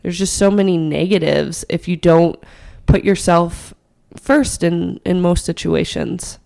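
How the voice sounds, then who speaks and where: Hoarse young woman co-host, gravelly low voice, frank opinions. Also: steady tone, a little slow, a little mellow. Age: young adult. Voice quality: raspy, gravelly. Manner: laughs often, frank and opinionated. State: hoarse from hay fever. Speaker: podcast co-host. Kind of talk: casual chat.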